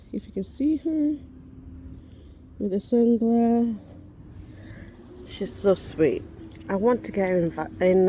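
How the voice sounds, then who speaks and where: A woman's voice: lowish voice, warm tone, a little hiss or hum. A woman in her forties chatting casually outdoors as a vlogger, rambling and breaking off to shoo insects. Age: 40s. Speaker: vlogger showing reborn dolls. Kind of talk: casual chat. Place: outdoors in the sun.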